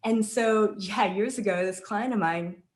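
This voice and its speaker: A woman's voice: medium pitch, a little slow. A woman guest telling a story in a chatty, conversational way, often checking in with tag questions. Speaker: intuitive channeller guest. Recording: roomy echo.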